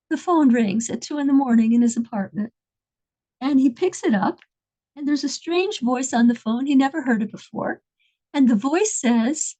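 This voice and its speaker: High-voiced earnest woman storyteller. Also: animated, dark tone, poor audio. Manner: earnest, halting with many restarts. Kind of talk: religious storytelling.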